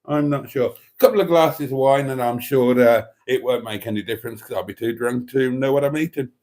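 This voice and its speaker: A man's voice: medium pitch, fairly quick, a little mellow. A man hosting a live stream, chatting in a theatrical, camp way, calling listeners darlings and rambling with self-mocking muttered asides. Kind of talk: casual chat reading out viewer comments.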